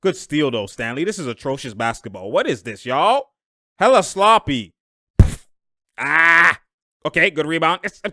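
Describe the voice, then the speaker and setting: A young man giving loud, slangy live reaction commentary on a basketball game, laughing often and breaking into sudden outbursts. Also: a little high, big pitch swings, unhurried, no echo, clean studio sound.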